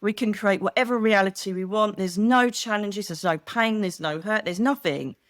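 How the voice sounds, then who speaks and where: A woman's voice: medium pitch, normal speed, no room sound, clean studio sound. A middle-aged woman chatting as an interview guest, telling stories animatedly and acting out quoted voices. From United Kingdom. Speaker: guest, psychic medium. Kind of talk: casual chat.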